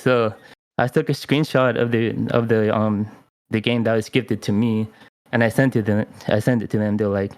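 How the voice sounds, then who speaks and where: Smooth, low-voiced male podcast co-host. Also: steady tone, normal speed, no echo. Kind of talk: casual chat.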